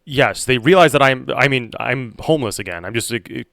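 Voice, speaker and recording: A man streaming and chatting on a call, teasing and exasperated in a deadpan way. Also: mid-range voice, fairly quick, vocal fry, dry recording. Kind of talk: casual chat on a call while streaming.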